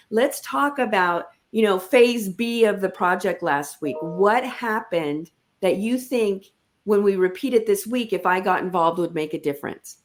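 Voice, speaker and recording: An emphatic woman speaks in a relaxed interview, coaching her listeners on leadership. Her delivery is punchy and direct. She breaks into lively asides to drive her points home. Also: medium pitch, a little slow. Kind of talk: conversational interview about leadership.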